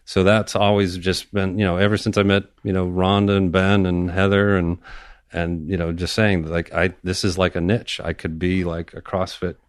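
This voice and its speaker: Deep-voiced, easygoing surgeon, a man. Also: moderate pace, clear, resonant tone, no room sound, studio quality. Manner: relaxed, easygoing, many fillers. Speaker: orthopedic surgeon guest. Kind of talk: casual interview chat.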